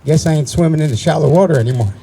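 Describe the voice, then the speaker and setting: A man's voice: on the high side, rapid-fire, vocal fry, warm tone, breathy edge, a faint crowd, low-quality recording. A man in his sixties from New Jersey, speaking at a memorial ceremony and telling family stories in a conversational way, with frequent restarts. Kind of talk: personal storytelling speech.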